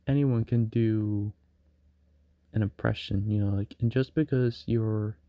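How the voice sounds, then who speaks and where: A man's voice: on the low side, no room sound, highs cut off. A man rambling in a casual late-night stream monologue, full of fillers and restarts. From United States.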